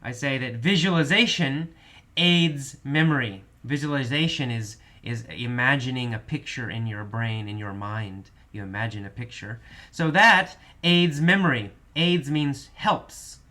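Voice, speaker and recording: A man teaching English vocabulary, patiently explaining each word with slow, repeated restatements. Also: mid-range voice, pushed and bright. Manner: patient, repeats definitions slowly with many restatements. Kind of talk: vocabulary lesson explaining words.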